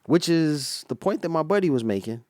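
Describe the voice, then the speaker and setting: A man giving an explaining commentary on a clip, slow and patient, with many fillers and restarts. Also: fairly high pitch, animated, darkish tone, no echo, clean studio sound. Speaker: reaction vlogger.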